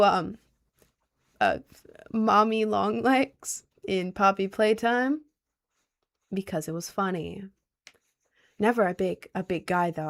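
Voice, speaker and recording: Young woman streamer, mid-pitched, casual, sarcastic while reading chat. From Maryland, USA. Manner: playful, answers chat questions with dry sarcasm.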